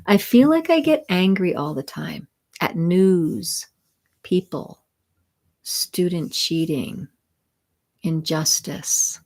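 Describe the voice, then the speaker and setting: Slow, soothing woman spiritual mentor. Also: lowish voice, lively intonation, gravelly. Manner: gentle, soothing, unhurried. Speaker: spiritual mentor and sound healer. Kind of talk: live-streamed spiritual mentoring.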